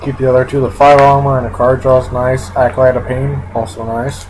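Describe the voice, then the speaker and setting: A man's voice: mid-range voice, level tone, fairly quick, noisy background. A man giving casual, unscripted commentary while playing a card game, thinking aloud and sometimes talking with his mouth full. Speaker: gameplay commentator.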